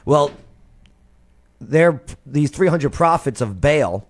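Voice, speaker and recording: A man hosting a reaction video, giving animated, conversational commentary. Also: fairly high pitch, slow pace.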